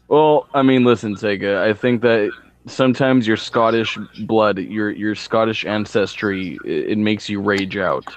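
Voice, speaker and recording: A man co-hosting a casual podcast chat, talkative and casually profane, who explains things at length. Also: fairly low pitch. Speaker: podcast co-host.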